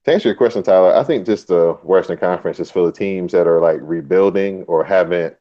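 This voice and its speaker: A man on a sports podcast panel whose faulty mic makes him sound distorted, gravelly and very deep, talking in a matter-of-fact way. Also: a little fast, mellow, highs cut off. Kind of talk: casual sports chat.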